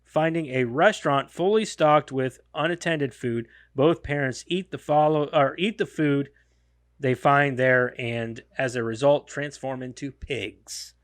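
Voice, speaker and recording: A man's voice: mid-range voice, a little slow, no room sound. A man hosting a podcast, reading a film summary aloud in a casual way, stumbling and correcting himself. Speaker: podcast host.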